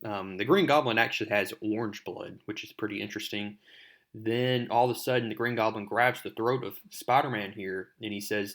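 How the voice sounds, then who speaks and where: A man's voice: fairly low pitch, brisk, a bit bright. A man casually retelling a comic book story, rambling and using many fillers.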